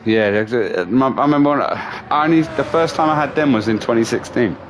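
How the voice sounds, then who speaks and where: A middle-aged man hosting a gaming livestream, chatting casually and swearing through animated stories full of slang. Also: medium pitch, fairly quick, highs cut off, background noise. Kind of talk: casual chat.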